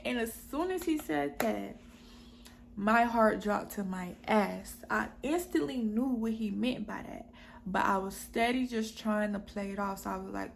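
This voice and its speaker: A woman's voice: a little high, gravelly, slight background noise. A young woman, telling a personal story in a casual storytime vlog and talking straight to her viewers. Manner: conversational, addresses viewers directly, fast asides.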